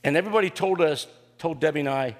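An older man, a pastor, preaching a sermon and telling family stories in a folksy, joking way, often pausing on "uh". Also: a little high. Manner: folksy and joking, with frequent "uh" fillers. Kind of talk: sermon with personal storytelling. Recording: long reverb of a large hall.

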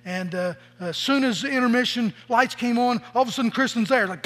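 A man's voice: extremely high pitch, animated, a little fast, few pauses, fairly bright tone. A middle-aged man preaching a sermon as a pastor, telling stories in a conversational way and acting out the quoted voices. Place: church sanctuary. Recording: long reverb of a large hall.

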